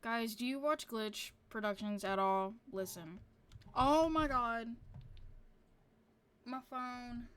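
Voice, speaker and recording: A woman's voice: on the high side, slow, pauses often, fairly bright tone, clean tone. A woman streamer chatting casually to her viewers, rambling with lots of fillers and casual swearing.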